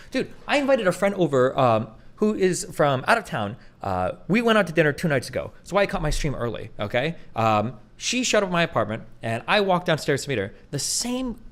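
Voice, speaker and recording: A man in his thirties rants to his livestream chat in a quick, heated flood of words. His voice sits a touch high and swings widely in pitch as he mocks people in silly voices. He is blunt and profane throughout. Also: fairly bright tone. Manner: mocking put-on voices when quoting others. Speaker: streamer.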